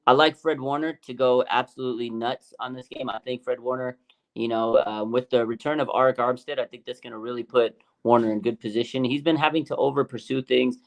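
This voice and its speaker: A man co-hosting a fan show, talking excitedly and repeating names for emphasis, his voice climbing high and loud as he gets worked up. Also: brisk. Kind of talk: excited casual sports talk.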